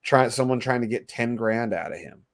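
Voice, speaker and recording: Profane, excitable male podcast co-host. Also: medium pitch, normal speed, vocal fry. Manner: profane, excitable, swears freely. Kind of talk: casual chat.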